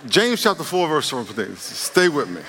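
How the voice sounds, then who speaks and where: A man's voice: a little high, normal speed, background noise. A male pastor preaching a sermon, telling a joking story and acting out its characters before turning to scripture. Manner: jokey, animated storytelling, acts out characters. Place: church hall. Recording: long reverb of a church hall.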